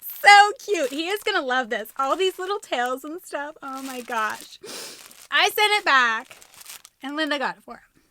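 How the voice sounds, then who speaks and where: A young woman vlogging at home, unboxing gifts from a friend in a gushing, excitable way, with squeals and gasps. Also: sits high, moderate pace. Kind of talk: casual vlog unboxing.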